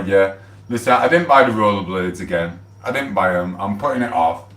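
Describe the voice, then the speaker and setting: A man's voice: lowish voice, fairly bright tone. A man, chatting casually and rambling on a live stream, swearing freely as he talks from his kitchen. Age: 40s. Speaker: livestreamer. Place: home kitchen. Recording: roomy echo, distant from the mic.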